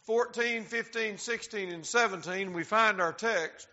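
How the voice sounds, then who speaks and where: A man preaching a sermon, talking directly to the congregation and slowing down to stress key words. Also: high voice, sharp tone. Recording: dull lo-fi sound.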